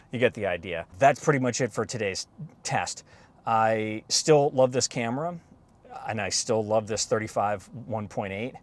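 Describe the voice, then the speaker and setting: A man with a lowish voice talks into a camera propped on his car's dashboard. He rambles in an easygoing, chatty way and drops casual swear words as he goes. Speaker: photography vlogger. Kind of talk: casual rambling vlog talk. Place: inside his parked car. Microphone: camera mounted on the dashboard.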